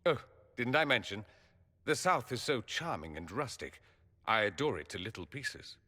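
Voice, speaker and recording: A man's voice: mid-range voice, very animated, normal speed, bright, forceful tone, long reverb tail. An actor playing a witty, sardonic male mage with dry, teasing charm in a video game. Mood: wry.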